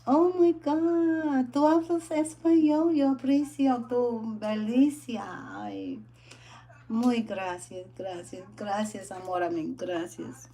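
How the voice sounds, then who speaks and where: A woman in her late fifties chatting casually with viewers on a livestream, in a lively, talkative way. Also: on the high side. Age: late 50s. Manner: chatty and animated, drops into quoted voices.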